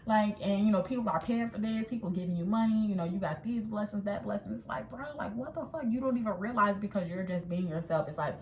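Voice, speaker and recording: A woman giving a casual tarot reading in a chatty, animated way, acting out what people might say. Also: mid-range voice, fast talker, hardly any pauses. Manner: chatty, animated, acts out quotes. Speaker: tarot reader. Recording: echoey room with faint ambient noise.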